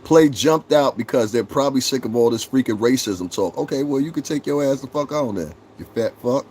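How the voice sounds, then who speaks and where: A man's voice: mid-range voice, brisk, darkish tone, slight background noise. A middle-aged man hosting a live stream, ranting and mocking chat viewers in a confrontational, profane way. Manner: confrontational, mocking, swears constantly. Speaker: livestream host.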